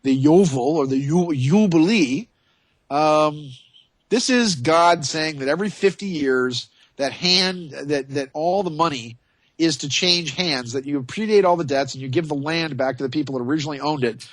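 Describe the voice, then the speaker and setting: A man hosts a radio talk show in a loose, joking, rambling way. His voice sits a little high, and the sound is dry and close. He talks casually and drifts from point to point. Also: normal speed, fairly bright tone, dry recording.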